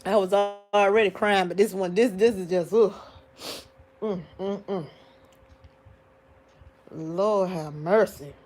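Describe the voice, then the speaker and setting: A tearful woman speaks softly to her viewers in a loose, casual live chat. She sighs often and stretches out her exclamations. Her voice sits at an everyday middle pitch. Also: fairly even intonation. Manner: soft-spoken, sighing, drawn-out exclamations. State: tearful, grieving. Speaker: livestream host talking to viewers.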